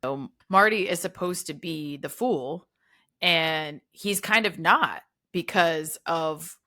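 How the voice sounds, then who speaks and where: A woman's voice: low voice, slow pace, pushed and bright. A woman co-hosting a casual film podcast, talking animatedly, acting out quotes and swearing freely. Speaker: podcast co-host. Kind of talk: casual chat.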